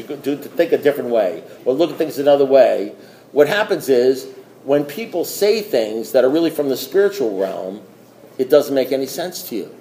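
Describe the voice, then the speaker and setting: Middle-aged man, storytelling testimony, slightly high voice, echoey hall, faint background noise. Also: mellow. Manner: storytelling, acts out dialogue, laughs often. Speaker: recovery meeting speaker. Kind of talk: personal testimony talk.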